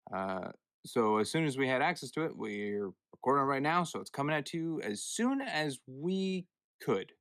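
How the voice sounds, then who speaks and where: A man's voice: medium pitch, big pitch swings, normal speed, fairly bright tone, no room sound. Chatty male podcast host, dry sound. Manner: chatty, self-correcting, moderates turns. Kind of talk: casual chat.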